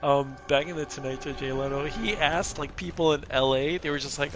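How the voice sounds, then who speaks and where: A man's voice: a little high, fairly even intonation, brisk, hardly any pauses, a crowd in the background. A man in his thirties giving casual, rambling commentary while playing a video game, laughing often. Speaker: gameplay streamer.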